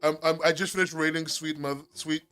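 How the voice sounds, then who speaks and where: A man with an English accent chatting with his live-stream viewers, excitable and quick to swear and laugh. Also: a little high, clear, resonant tone, soft background music. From England. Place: at home.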